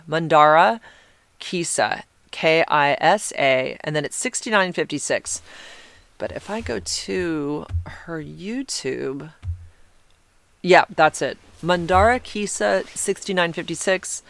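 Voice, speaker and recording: A woman's voice: fairly low pitch, a bit bright, clear, resonant tone, no room sound. A middle-aged woman hosting her own podcast, chatting casually and rambling with lots of fillers and restarts. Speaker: podcast host. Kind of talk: casual solo podcast chat.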